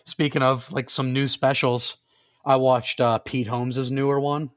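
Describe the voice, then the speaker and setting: A man's voice: mid-range voice, unhurried, dry recording, clean studio sound. A man co-hosting a podcast, chatting casually and retelling stand-up bits with plenty of swearing. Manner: animated retelling of comedy bits, swears freely. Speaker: podcast co-host. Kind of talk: casual chat.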